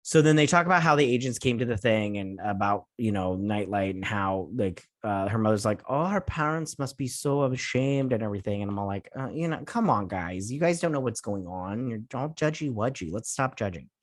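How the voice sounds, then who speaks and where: A man's voice: on the low side, a little fast, few pauses, no echo, clean studio sound. Rambling man recapping a show. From United States. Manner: rambling, many fillers and restarts. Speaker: host. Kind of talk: casual episode recap.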